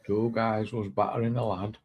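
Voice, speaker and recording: A man hosting a casual panel stream, chatty and quick to chime in with agreement. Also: lowish voice, flat delivery, muffled recording. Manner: chatty, backchannels a lot. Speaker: panel host. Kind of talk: casual chat.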